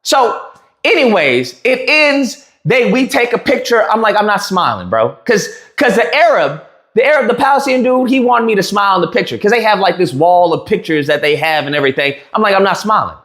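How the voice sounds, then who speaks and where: A man tells the story in a heated, mocking rant, laughing at his own jabs and tripping over restarts. His voice sits high and swings widely in pitch. The room around him rings with echo. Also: very animated, brisk, fairly bright tone. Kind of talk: animated ranting recap to camera. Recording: roomy echo.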